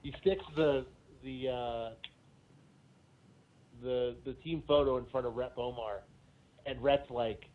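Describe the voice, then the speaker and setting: Dude telling a long story on a podcast, sounds thin like a phone line. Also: male voice, medium pitch, steady tone, takes it slowly, long pauses. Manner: rambling anecdote with many fillers. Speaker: podcast co-host. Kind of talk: casual chat.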